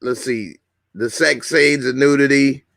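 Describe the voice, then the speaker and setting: A man's voice: mid-range voice, steady tone, a little slow, creaky, fairly bright tone, no room sound, clean studio sound. A man casually hosting a live stream, chatting with viewers, greeting commenters and laughing often. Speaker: YouTube host.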